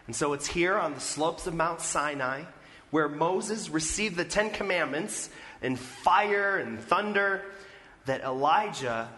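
A man's voice: a little high, bright, forceful tone, big-room sound. A male pastor preaching a storytelling sermon and putting questions to the congregation.

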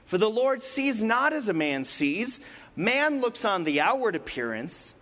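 A middle-aged male pastor preaching a sermon, dramatic, with rhetorical questions and pauses. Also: high voice, very animated, bright, forceful tone, slight background noise. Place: church sanctuary. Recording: long reverb of a church hall.

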